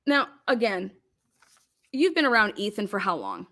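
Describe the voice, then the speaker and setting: A woman's voice: medium pitch, wildly swooping pitch, bright, forceful tone. A woman commentator acting out a cross-examination, firing pointed questions one after another. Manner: rapid-fire pointed questioning.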